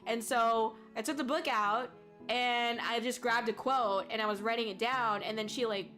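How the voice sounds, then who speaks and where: A young woman chatting on a stream with a bright, forceful tone and a slightly high voice. She rambles through a story, using many fillers and restarting her sentences, and she laughs often. Soft music plays faintly in the background. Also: moderate pace. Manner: laughs often and gets loud when excited. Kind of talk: casual chat.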